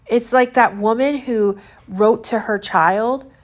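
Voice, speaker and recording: A woman's voice: fairly high pitch, slow pace. Indignant young woman chatting at home. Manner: earnest and indignant, rambling with many fillers. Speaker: vlogger. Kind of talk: casual chat to camera.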